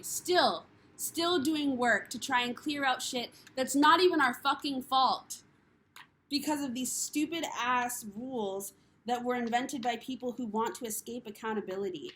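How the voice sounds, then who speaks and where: A woman with a slightly high voice speaks straight to her viewers in a heated vlog rant. She is blunt and exasperated, swears freely, and hammers her points home by repeating them. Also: fairly bright tone. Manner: frustrated, blunt, swearing, repeating phrases for emphasis. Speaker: spiritual vlogger. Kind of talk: impassioned direct-to-camera rant.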